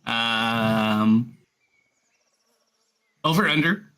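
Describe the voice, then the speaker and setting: A man's voice: medium pitch, extremely slow, sharp tone, clear, resonant tone. A man running a tabletop role-playing session as dungeon master, narrating in a loose, rambling way with fillers.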